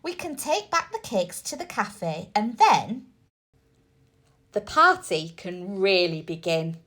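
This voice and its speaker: A woman voicing an excitable young boy detective in a storybook, with breathless, eager exclamations. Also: mid-range voice, takes it slowly, heavily acted. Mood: excited.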